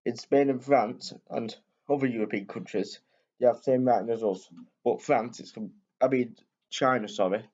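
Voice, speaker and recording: A husky, darkish man's voice at medium pitch and moderate pace comes through a muffled recording. He's a video host and storyteller, reading a picture book in a casual style with chatty asides and many self-corrections.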